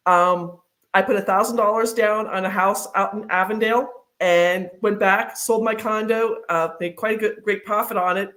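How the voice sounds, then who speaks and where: A woman guest in a casual interview talks chattily, telling long stories. She speaks at a middling pitch, scattering fillers and restarts as she goes. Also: steady tone, normal speed, fairly bright tone. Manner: chatty storyteller, many fillers.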